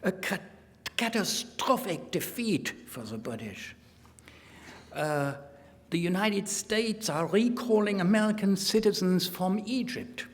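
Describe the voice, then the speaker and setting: A man's voice: expressive, takes it slowly. A man putting on a gloating German wartime official. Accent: mock German. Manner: emphatic, raised pitch. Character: gloating middle-aged male German wartime official reading his diary. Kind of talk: lecture quotation read in character. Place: conference hall. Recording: hall reverb, faint room noise.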